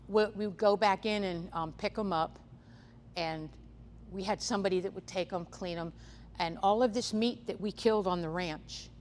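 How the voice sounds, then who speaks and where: The recording captures a woman with a lowish voice giving a conference talk on livestock guarding dogs and predators in an echoey hall, faint noise in the background. She talks casually, often saying "um" and starting sentences over.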